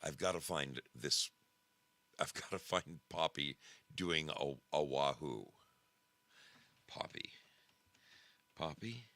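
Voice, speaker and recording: A man hosting a casual livestream, animated and emphatic, often repeating himself. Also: rumbling low, slow, pauses often. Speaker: show host.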